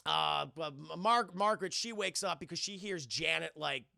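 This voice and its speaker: A man retells a film scene by scene in an excitable, profane live-stream review. His voice is high for a man, bright and gravelly, and it swings widely as he acts out the scenes. The sound is close and dry. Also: normal speed, dry recording. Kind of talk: casual spoiler review on stream.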